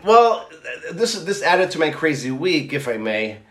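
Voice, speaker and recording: A middle-aged man chatting casually as a co-host, telling stories in a rambling, animated way with many restarts. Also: fairly high pitch, measured pace. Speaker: podcast co-host. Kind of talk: casual chat. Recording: roomy echo.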